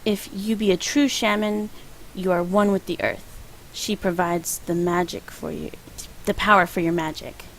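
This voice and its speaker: A woman reading the lines of a mystical male street shaman from a video game, slowly and solemnly. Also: high voice, steady tone, a bit bright, a little hiss or hum, rough recording.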